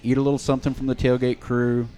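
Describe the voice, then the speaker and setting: A middle-aged man at a mid pitch hosts a relaxed podcast conversation. He jokes freely and breaks into laughter easily. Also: fast talker. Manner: jokey, laughs often. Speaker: podcast host. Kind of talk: casual chat.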